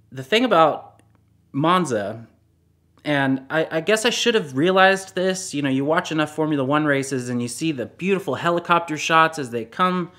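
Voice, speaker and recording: A man casually telling a car story, animated and often dropping into a hushed voice. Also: medium pitch.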